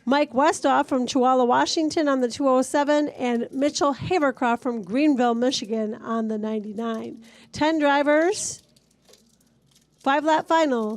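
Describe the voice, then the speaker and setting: A woman announcing a race, briskly reading out drivers' names, hometowns and numbers. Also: high-pitched. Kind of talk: announcing a starting lineup.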